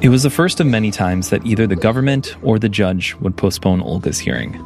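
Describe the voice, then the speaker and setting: A man narrating a documentary report as the reporter, in a measured, calm storytelling manner. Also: on the low side, music in the background. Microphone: studio voice-over mic.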